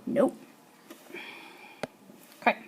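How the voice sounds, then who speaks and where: A woman's voice: drawn-out words, background noise. A woman teaching a Spanish grammar lesson, asking her class questions and answering them herself.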